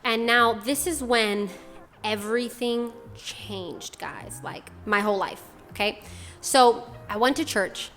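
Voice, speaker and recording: A woman's voice: fairly high pitch, slow, fairly bright tone, soft background music. Chatty young woman from Boston. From Boston, USA. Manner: casual, rambling, many fillers like "like". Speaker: channel host. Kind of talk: personal testimony vlog.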